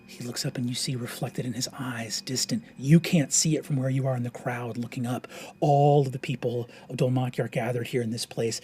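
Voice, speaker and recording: A man narrating a tabletop role-playing game as game master, shifting between hushed whispers and urgent, raised passages. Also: mid-range voice, husky. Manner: dramatic storytelling, dropping to whispers and rising to urgent shouts.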